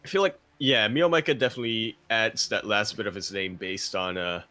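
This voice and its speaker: A man's voice: on the low side, fairly quick, pushed and bright, faint music behind. A man co-casting a live esports tournament in laid-back, joking banter with frequent laughs. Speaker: esports co-caster. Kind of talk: casual live commentary banter.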